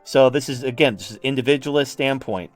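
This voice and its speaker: A man's voice: medium pitch, fairly quick, soft background music. A man from the United States explaining political charts in a casual, blunt and profane way. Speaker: political commentator. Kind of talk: casual explanatory talk over a shared chart.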